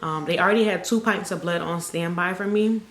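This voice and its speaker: Casting note: young woman, storytime vlogger, fairly low voice, echoey room. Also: a little fast, a little hiss or hum. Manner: animated storyteller, acts out quotes. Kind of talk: casual storytime. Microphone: camera mic.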